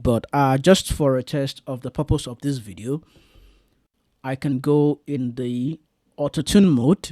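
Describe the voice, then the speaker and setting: A man's voice: medium pitch, measured pace, warm tone. A man giving a casual, chatty review of a streaming mixer, showing the features as he goes. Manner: chatty, demonstrating gear live. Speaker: tech reviewer.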